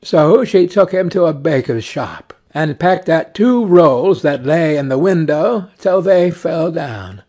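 A man narrating a fairy tale slowly and clearly for English learners. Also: on the high side, lively intonation, mellow.

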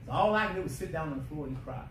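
A man preaching a sermon, emphatic, swinging between quiet asides and shouting. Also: fairly high pitch, lively intonation, very fast. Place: church sanctuary. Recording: echoey church from a distance, faint hiss.

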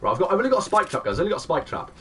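A young man, giving excitable play-by-play commentary on his live game stream and greeting chat viewers. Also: high-pitched, rapid-fire, recorded from a distance, a little hiss or hum. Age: 20s.

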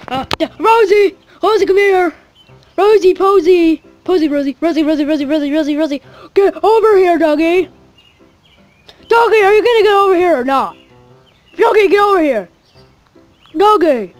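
A woman voicing a childish, grumpy male pig king in a fan cartoon, shouting and repeating himself with whiny sighs. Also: very high-pitched, no echo. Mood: calling eagerly.

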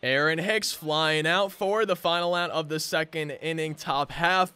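A young man commentating his own baseball video game, swinging between frustrated groans and loud hype. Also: a little high, a little slow, clear, resonant tone. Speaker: gaming channel host. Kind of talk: live gameplay commentary.

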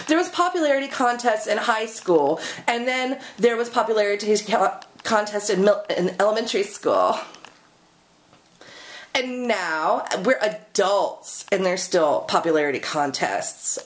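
A woman poet ranting sarcastically in a casual video blog. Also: mid-range voice. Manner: exasperated, sarcastic. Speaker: poet and performer.

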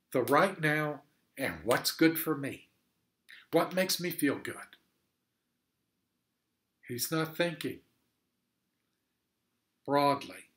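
A man's voice: fairly high pitch, a bit bright. An earnest man teaches a Sunday school Bible lesson. He explains the passage step by step and repeats his points for emphasis.

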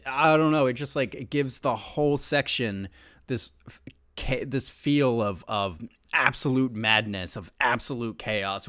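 A man hosting a music reaction video, excitable, swearing freely and breaking into shouts. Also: medium pitch, no echo, studio quality. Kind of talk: casual reaction commentary.

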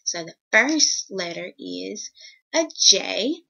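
A woman's voice: mid-range voice, big pitch swings, takes it slowly, vocal fry, bright, forceful tone, breathy edge, dull audio. A young woman teaching young children a phonics lesson, patiently stretching out each letter sound and encouraging them.

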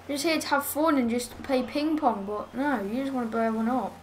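Girl streaming a game, pretty high voice, chatty and annoyed at a teammate, faint hiss behind. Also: fairly quick. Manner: chatty, exasperated, scolding a teammate. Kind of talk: live gameplay commentary.

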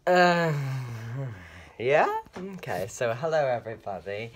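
A man's voice: medium pitch, big pitch swings, a little slow, fairly bright tone. A man with a Northern Irish accent in a comedy sketch, exasperated and muttering asides. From Northern Ireland.

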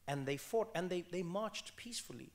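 A man's voice: high voice, animated, normal speed. A man in his thirties from South Africa with a South African accent, speaking onstage as an author guest in an earnest, emphatic way and repeating phrases for stress. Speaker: author guest at a book event. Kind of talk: onstage conversation.

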